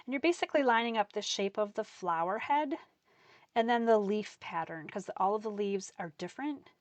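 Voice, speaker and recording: A woman's voice: medium pitch, expressive, normal speed, no room sound. A woman teaching a live card-making class, chatty and enthusiastic as she talks through each step. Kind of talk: live craft class demonstration.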